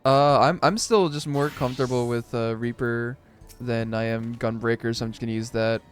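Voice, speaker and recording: A man's voice: mid-range voice, fairly even intonation, moderate pace, faint music behind. A man streaming a video game, chatting casually and swearing as he jokes and talks to the creatures on screen. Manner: profane, joking, talks to the game.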